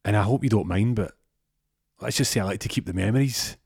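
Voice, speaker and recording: A man's voice: lowish voice, quick pace, vocal fry, darkish tone, slightly rough, no room sound, clean studio sound. A man voicing a cheeky female friend who talks in a sly, teasing way.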